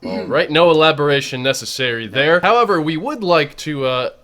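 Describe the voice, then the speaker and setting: A man's voice: fairly high pitch, lively intonation, fairly quick, fairly bright tone. A man hosting a comedy show, bantering playfully and mock-solemn.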